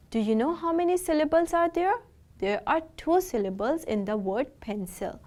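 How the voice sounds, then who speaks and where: A woman gives a recorded lesson to young children. Her voice sits a little high. She explains step by step and addresses the students warmly by name as a group. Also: expressive. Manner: patient, instructive, speaks directly to students; spells out words slowly. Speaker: teacher.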